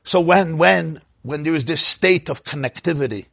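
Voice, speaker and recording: A man teaching a Torah class in a lively, questioning way, dropping Hebrew and Yiddish terms as he goes. His voice sits a little high. The sound is dry and close, with no room echo. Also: moderate pace, creaky, slightly rough.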